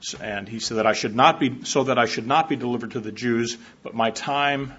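A man with a husky, mid-pitched voice delivers a sermon in a measured, reflective way, pausing on fillers as he works through his points. The recording is dull and lo-fi, as if taken from a hall. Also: a bit bright. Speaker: preacher.

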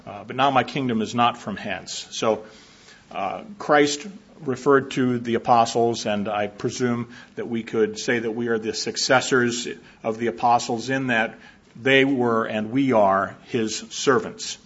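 A preacher with a husky, mid-pitched voice delivers a sermon in a measured, reflective manner, pausing on fillers as he works through his points. His tone stays steady, and the recording sounds dull and lo-fi, as though made in a hall.

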